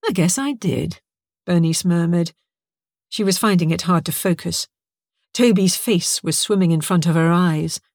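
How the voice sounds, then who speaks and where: Woman narrator, expressive audiobook reading, lowish voice, dry studio sound. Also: normal speed, no room sound. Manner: lively, expressive storytelling.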